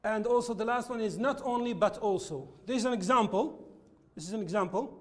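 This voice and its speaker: A man teaching an English lesson, explaining linking words slowly and repeating his examples. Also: sits high. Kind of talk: classroom lesson with slides.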